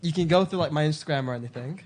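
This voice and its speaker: A man's voice: a little high, racing, darkish tone. A man co-hosting a casual watchalong, playful and teasing the others. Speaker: co-host. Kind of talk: casual banter.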